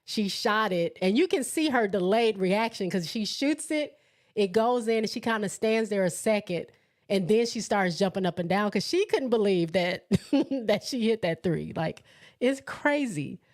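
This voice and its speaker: A woman's voice: medium pitch, moderate pace. A woman hosting a casual live sports chat, reading out viewer comments and laughing often as she talks. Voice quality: laughs often, excitable and chatty. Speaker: host of a live sports show.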